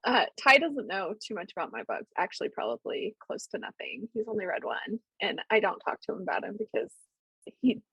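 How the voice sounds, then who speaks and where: Casting: candid woman co-host, animated pitch, a little husky, dry sound. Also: a little fast, no room sound, lo-fi sound. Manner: candid, self-deprecating, laughs often. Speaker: podcast co-host, author. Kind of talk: casual chat.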